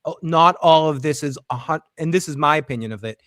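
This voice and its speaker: A man's voice: fairly high pitch, quick pace, no room sound, clean studio sound. A man hosting a casual recap show, acting out characters' lines as he retells scenes. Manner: animated, acts out characters' lines while recapping. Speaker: podcast host.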